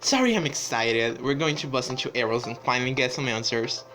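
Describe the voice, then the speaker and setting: A man reading the lines of an eager young woman sidekick in a story game, quick and excited. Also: medium pitch, soft background music, close to an everyday voice.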